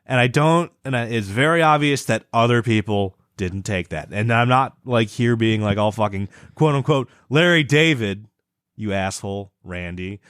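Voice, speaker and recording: A man tells a ranting, profane story as a podcast co-host. His voice is mid-pitched and recorded dry and close, with no room sound. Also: normal speed, clear, resonant tone, dry recording. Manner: animated ranting storyteller, swears a lot. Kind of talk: casual comedic banter.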